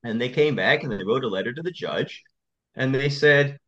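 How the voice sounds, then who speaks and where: Speaking at normal speed in a mid-range voice, the attorney guest on the podcast recounts stories with passion and animation. The high frequencies of the audio are cut off.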